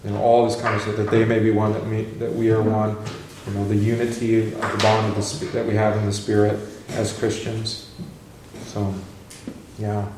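Speaking at a moderate pace with a voice on the low side, a man runs a relaxed Bible class, drifting a little and posing questions to students. Scripture quotes make him more energetic; the recording is reverberant with background noise.

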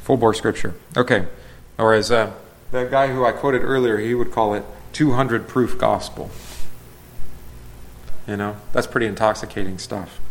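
With a low-leaning, fairly even voice at normal speed, a man teaches a Bible study as its pastor, a faint hiss or hum in the audio. His style is conversational: he puts questions to the group and fixes his own wording along the way.

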